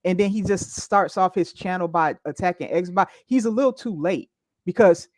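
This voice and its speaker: A woman's voice: lowish voice, normal speed, darkish tone, no room sound, studio quality. A woman co-hosting a casual opinion chat, talking emphatically and often adding okay. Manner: emphatic, frequent laughs and okays.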